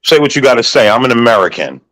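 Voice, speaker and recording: A man's voice: medium pitch, big pitch swings, fast talker, fairly bright tone, no echo, low-quality recording. Guy heckling in a debate, mocking and dead stubborn. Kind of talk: heated online debate.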